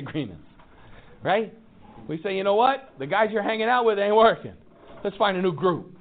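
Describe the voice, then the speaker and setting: A man hosting a recovery group, giving an impassioned, preacherly motivational talk. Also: high voice. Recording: tinny phone-like sound.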